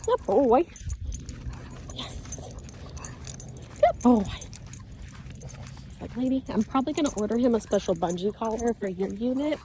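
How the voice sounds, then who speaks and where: A woman dog trainer outdoors, explaining her method while walking a dog and calling out sharp commands. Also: a little high, expressive, measured pace, long pauses, slight background noise. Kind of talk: instructional talk during dog training.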